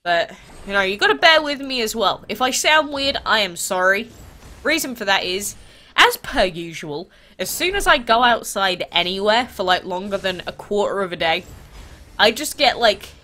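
A congested woman with a stuffy nose from a cold, hosting a mobile game channel in chatty, animated talk full of rhetorical questions. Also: medium pitch, moderate pace. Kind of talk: casual gaming vlog chat.

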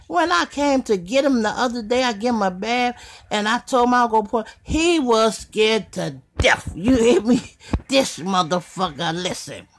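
Gravelly Chicago woman telling wild stories. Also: fairly high pitch, normal speed. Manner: animated, swearing, asks "you hear me". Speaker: comedic storyteller. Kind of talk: profane comedic storytelling.

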